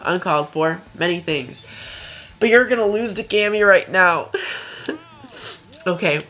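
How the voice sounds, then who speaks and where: A woman's voice: fairly low pitch, fairly bright tone, a little hiss or hum. A young woman commentating her own fighting-game play, trash-talking opponents and crying out in frantic repeated protests. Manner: playful trash talk, frantic repeated cries. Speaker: let's play gamer. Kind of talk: excited gameplay commentary.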